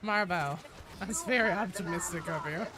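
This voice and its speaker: A young woman with a fairly low voice streams a game at normal speed, casually chatting with viewers, answering them and swearing now and then. Steady background noise sits behind her voice.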